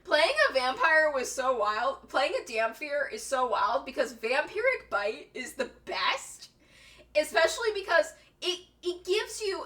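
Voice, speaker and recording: High bright-voiced young woman streamer. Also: far from the mic. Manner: animated, giggly, acts out quotes. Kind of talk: casual storytelling chat.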